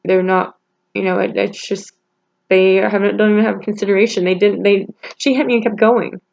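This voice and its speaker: A woman speaks in a personal vlog with a low, gravelly fry in her voice. She talks haltingly, stopping and restarting as she holds back tears. The sound is dull and lo-fi. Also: fairly even intonation, a little mellow. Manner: halting, emotional, many restarts and pauses. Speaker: vlogger.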